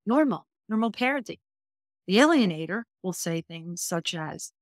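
A woman's voice: on the low side, lively intonation, normal speed, no room sound. Emphatic woman guest, dry sound. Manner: earnest and emphatic, builds points in lists. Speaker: divorce coach guest. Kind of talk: podcast interview conversation.

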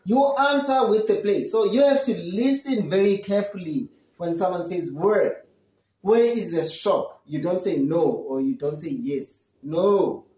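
Slow, repetitive online English teacher. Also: medium pitch, a little mellow, echoey room, poor audio. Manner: slow, repetitive, drilling questions and answers. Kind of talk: online lesson for young learners.

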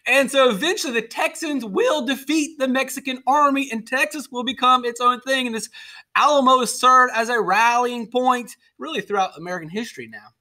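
A man lectures a history class in a high, bright voice. He keeps the lesson loose with sarcastic jokes and quick acted-out lines for the groups he talks about. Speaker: history teacher.

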